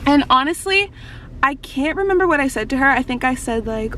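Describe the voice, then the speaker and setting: A woman's voice: sits high, expressive, fairly quick, pushed and bright, distant mic, a little hiss or hum, rough recording. A young woman vlogger telling a story in a bubbly, gushing way, full of "like". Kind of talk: casual storytelling to camera.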